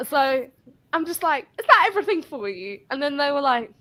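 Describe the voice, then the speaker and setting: A woman's voice: sits high, very animated, normal speed, sharp tone. A woman telling a work story in casual chat, rambling and swearing as she goes.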